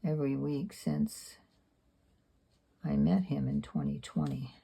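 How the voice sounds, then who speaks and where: Older lady in her 70s, low husky gravelly voice, chatty and candid while she paints. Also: sing-song, slow, dark tone. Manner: rambling, candid, self-deprecating. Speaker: sketchbook artist. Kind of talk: casual reflective talk while painting.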